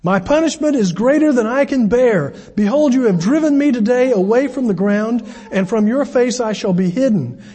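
Plaintive guilty man voiced by a male preacher, self-pitying, breathy. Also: very high voice, animated, moderate pace, hardly any pauses, dark tone, pitched above the performer's own voice, heavily acted. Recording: long hall reverb.

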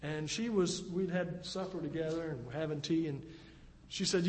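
High-voiced preacher in an echoing church. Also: male voice, normal speed. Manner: earnest, conversational preaching with dramatic acted quotes. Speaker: pastor. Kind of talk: sermon. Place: church sanctuary. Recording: long reverb of a church hall.

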